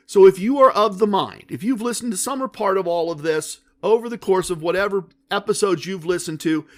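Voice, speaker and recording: A man with a high-pitched voice hosts his own podcast and talks through it in a loose, chatty monologue. He tells stories and keeps asking the listener rhetorical questions. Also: a bit bright. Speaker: podcast host.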